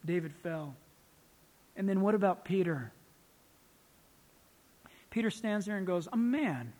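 A man preaching a sermon as pastor, animated and acting out little scenes. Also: sits high, unhurried, big-room sound.

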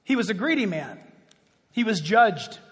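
A male pastor preaching a sermon with animated storytelling and chuckling asides, in a church hall. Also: sits high, a little slow, breathy edge. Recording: echoey hall.

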